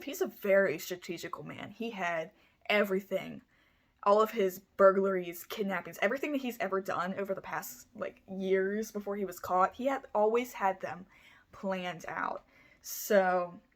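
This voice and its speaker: Woman vlogger, mid pitch, casual true-crime storyteller, rambling and profane. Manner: rambling and chatty, full of "like" and "you know"; blunt, swears freely.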